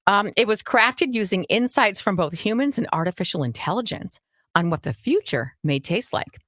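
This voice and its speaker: A woman's voice: mid-range voice, animated, normal speed, a bit bright, no room sound, clean studio sound. A woman with a Minnesota accent, co-hosting a casual radio podcast, chatty and laughing easily. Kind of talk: casual chat.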